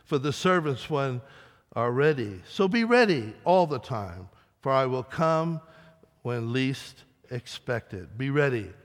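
A man preaching a sermon as pastor, emphatic, with dramatic rises and soft drops. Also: mid-range voice, very animated, slow pace. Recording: long reverb of a large hall.

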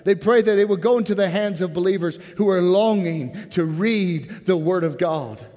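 A man's voice: high voice, normal speed. Earnest preacher man in a reverberant church. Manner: earnest, rising to impassioned then softening to a hushed prayer. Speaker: pastor. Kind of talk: sermon. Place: church sanctuary. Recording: church hall with long reverb.

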